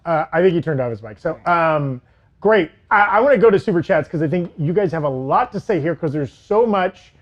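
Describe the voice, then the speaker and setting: A man hosting a casual panel chat who talks in a lively way and reads out viewer comments and poll results. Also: on the high side, brisk, dull audio. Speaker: show host.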